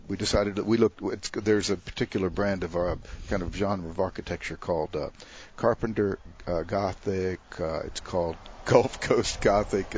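Through a little hiss or hum, a fairly low-pitched male voice is heard: a parish priest on a radio pledge drive, trading stories in a casual interview and laughing now and then.

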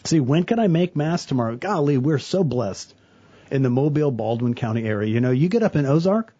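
Lively, husky-voiced man. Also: medium pitch, a little fast, lo-fi sound. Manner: earnest, animated storyteller, quotes people in voices. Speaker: church worker, guest on a talk show. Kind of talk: casual faith talk.

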